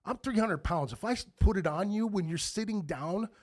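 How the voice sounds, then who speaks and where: A man in his forties, a band member guest on a podcast, telling stories in a lively, profane way and loudly acting out what people said. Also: high voice, normal speed, dry recording, studio quality. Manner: animated, profane, acts out quoted lines loudly. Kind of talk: casual podcast storytelling.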